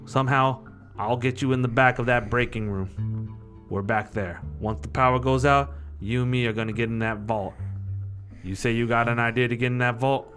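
A man's voice: medium pitch, fairly even intonation, normal speed, fairly bright tone. A man playing a tabletop role-playing game, speaking in character in a bossy, profane way as he gives orders. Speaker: player. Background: music.

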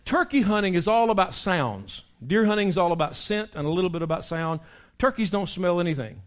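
Male pastor, lively folksy sermon delivery, voice sits a bit high. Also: fairly quick. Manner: animated, imitates animal calls and voices.

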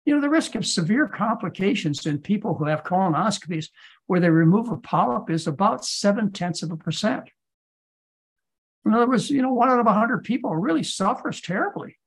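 A man's voice: high voice, expressive, fairly quick, slightly rough. A man who is a physician, giving lecture-style answers in a podcast Q&A and pressing his points with insistent rhetorical questions. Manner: emphatic, hammering rhetorical questions.

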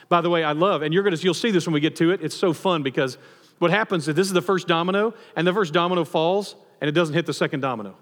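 A pastor giving a sermon in a conversational, animated storytelling manner with touches of humor. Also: male voice, fairly high pitch, fast, long reverb tail.

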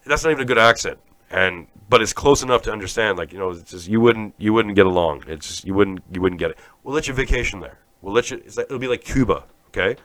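A man's voice: lowish voice, fast, a bit bright, no echo. A man from Canada hosting a podcast, rambling through a profane, sarcastic comic rant. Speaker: podcast host.

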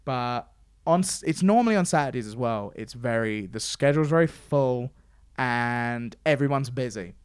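A man telling convention stories in casual chat, acting out quoted lines in a higher voice. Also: lively intonation, normal speed, clean tone, no echo, clean studio sound. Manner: chatty storyteller, acts out quotes in a higher voice. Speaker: podcast host and stage host.

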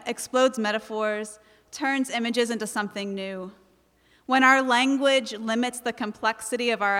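A woman with a New Jersey accent, a writing teacher introducing a student at a public reading in a measured, reflective way. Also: on the high side, pushed and bright, smooth. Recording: long hall reverb.

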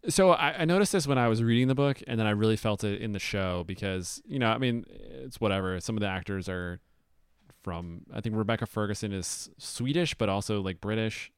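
Young male podcast co-host, argues his point, smooth resonant voice, dry close sound. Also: on the low side, a little fast, no echo. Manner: argumentative, talks over the other host. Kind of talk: casual chat.

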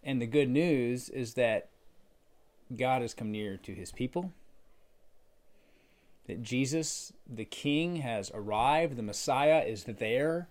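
Conversational at heart, this middle-aged man's sermon as a pastor swells into loud, emphatic high points, then sinks back to a low, quiet register.

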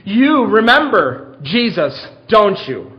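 A preacher voicing a bold apostle pressing a crowd. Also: male voice, high-pitched, sing-song, takes it slowly, heavily acted. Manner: urgent, pressing rhetorical questions. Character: bold adult male apostle addressing a crowd. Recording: dull lo-fi sermon recording.

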